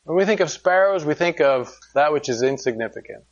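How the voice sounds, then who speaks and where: High-voiced man preaching a conversational sermon. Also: a little fast, lo-fi sound. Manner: conversational preaching, rhetorical questions, animated storytelling. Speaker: pastor.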